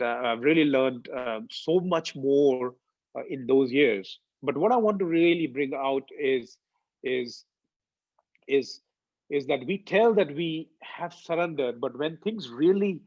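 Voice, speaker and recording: A man's voice: mid-range voice, dry recording, dull audio. A man from India giving a devotional talk, telling a personal story earnestly and acting out its dialogue. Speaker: satsang speaker.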